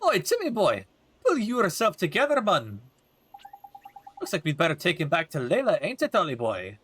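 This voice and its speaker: A man voicing a brash, cheeky little male fairy who talks loudly and scolds in slang. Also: very high-pitched, huge pitch swings, takes it slowly, a little hiss or hum, voice pushed up, heavily acted.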